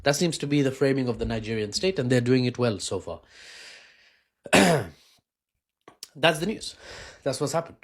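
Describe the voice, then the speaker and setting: A man's voice: mid-range voice, expressive, normal speed, pauses often. Casual male news explainer. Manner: conversational, wry asides. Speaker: news commentator in the clip.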